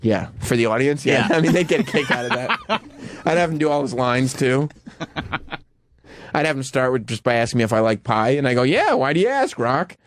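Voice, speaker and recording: A man's voice: medium pitch, fairly quick, pauses often. A man who laughs often, joking around in casual radio banter as a regular on the show. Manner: giggly, playful, often laughing.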